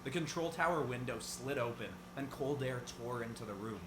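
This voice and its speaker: A man narrating his own story video in a casual, brisk style. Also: medium pitch, over a noisy crowd. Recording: echoey room with background noise.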